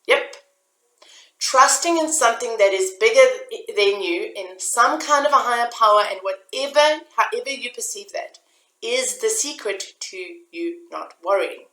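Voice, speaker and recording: A woman's voice: a little high, expressive, normal speed, pushed and bright, reverberant, poor audio. A woman giving an earnest, confessional motivational talk straight to her listeners. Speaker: self-help vlogger. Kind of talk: personal motivational talk to camera.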